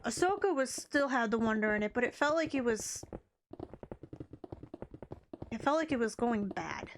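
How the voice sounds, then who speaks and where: Woman game streamer with a high voice; chatty, rambling, casual delivery. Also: lively intonation, moderate pace, a little hiss or hum. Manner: rambling, chatty, self-interrupting. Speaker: live streamer. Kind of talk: casual chat while playing a game.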